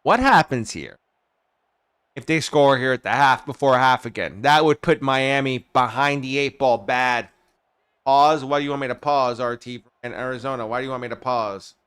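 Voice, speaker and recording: A man's voice: medium pitch, normal speed, clear, resonant tone. A man live-streaming a football video game, calling the plays and chatting with his viewers, sometimes drifting away from his mic. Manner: bursts into excited play calls, then drops to quiet chat asides. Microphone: desk mic he drifts away from.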